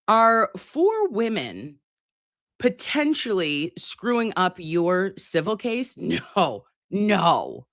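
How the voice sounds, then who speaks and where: A woman's voice: medium pitch, slow, dry recording, studio quality. A woman hosting a casual live stream, chatting to her viewers in a playful, teasing and profane way. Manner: animated, swooping delivery.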